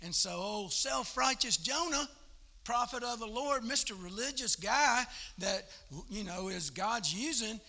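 A folksy pastor preaching to his church, his voice pitched rather high and ringing with a hard, forceful edge. He tells the story in an animated, down-home way. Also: a little slow. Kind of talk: sermon. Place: church service.

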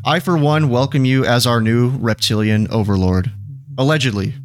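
A man's voice: mid-range voice, moderate pace, clean tone. Joking male podcast co-host. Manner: joking, conspiratorial, swears casually. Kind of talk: casual podcast chat.

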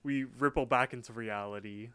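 A man's voice: medium pitch, fairly even intonation, normal speed, a bit bright, clear, resonant tone, no room sound. Rambling young man recapping a cartoon. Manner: rambling, lots of "like" and "um". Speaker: podcast co-host. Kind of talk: casual episode recap.

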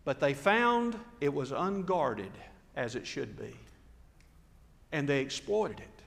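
A man's voice: fairly high pitch, big pitch swings, slow, vocal fry, a bit bright, in a large hall. A man preaching a sermon, telling the story dramatically and acting out the quotes. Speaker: pastor.

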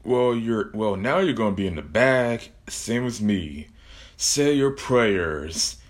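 A man's voice: fairly low pitch, animated, slow. A man voicing a cursed killer plush toy that taunts its victims. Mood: taunting. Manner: taunting, mocking.

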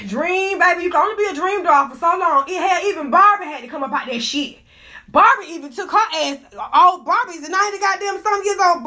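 A woman hosts a casual gossip livestream, ranting in a very high, piercing voice. She's fired up and profane, laughing often, and her sharp, bright tone comes through a phone mic indoors.

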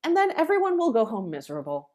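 A middle-aged woman composer in an interview, talking with animated emphasis and acting out the people she quotes. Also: a little high, quick pace. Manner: animated, acts out quoted callers. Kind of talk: conversational interview.

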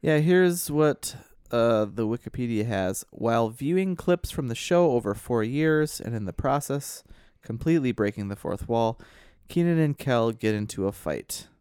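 A man's voice: medium pitch, expressive, moderate pace, few pauses, a little mellow, clear, resonant tone, dry recording, studio quality. A man co-hosting a podcast who chats in an easygoing way and sometimes reads out short passages. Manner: easygoing, reads aloud, agrees a lot. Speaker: podcast co-host. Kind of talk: casual chat.

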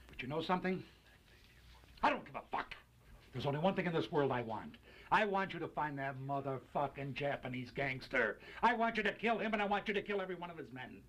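A furious film police captain who has stopped caring about his job. He seethes, dropping to a hush and then pushing hard and loud. A faint score runs under his lines. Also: a little high. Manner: seething, swings from hushed to loud.

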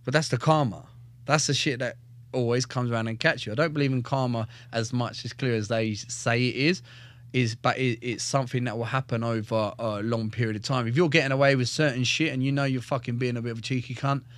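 A man's voice: mid-range voice, brisk, no echo. A young man, a fighter, telling his life story on a podcast in casual, swear-filled talk. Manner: heavy swearing, animated, acts out quotes. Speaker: guest, fighter.

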